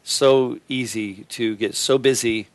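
A man hosting a Christian talk show, talking earnestly and haltingly, with many fillers and restarts. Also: mid-range voice, steady tone. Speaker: host.

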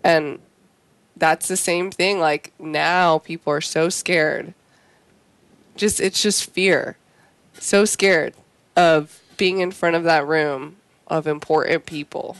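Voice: medium pitch, steady tone, takes it slowly, fairly bright tone, no echo. A co-host on a Christian talk show who talks eagerly, agrees often and speeds up when retelling stories.

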